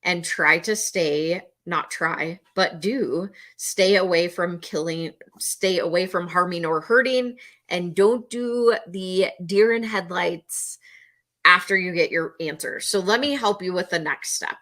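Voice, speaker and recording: A middle-aged woman, a mental health educator, speaks to the camera in an unhurried way. Her voice is bright and somewhat low-pitched, and she's earnest, repeating key phrases and sometimes acting out panicked voices to make her point.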